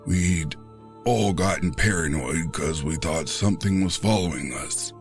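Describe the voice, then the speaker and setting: A man voicing a gruff old grandfather, weary and haunted, with a very deep, rough drawl, hesitant and stumbling with fillers. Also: unhurried, soft background music.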